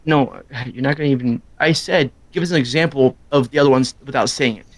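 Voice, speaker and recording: A middle-aged man chatting casually on a live stream, loud and quick, rambling from story to story. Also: medium pitch, no echo. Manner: loud, fast-talking, rambling. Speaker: streamer co-host. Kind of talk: casual chat.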